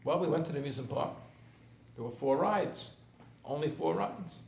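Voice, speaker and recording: A man's voice: on the high side, normal speed, creaky, darkish tone, highs cut off. Man telling a story in a roomy room. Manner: anecdotal, conversational, acts out scenes. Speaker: therapist giving a talk. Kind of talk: storytelling lecture to a group. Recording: roomy room with faint background noise.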